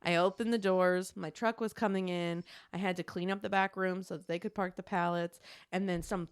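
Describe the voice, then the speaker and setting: A young adult woman co-hosting a podcast in casual chat, animated and laughing often, swearing freely. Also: lowish voice, a little fast, clean tone. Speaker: podcast co-host.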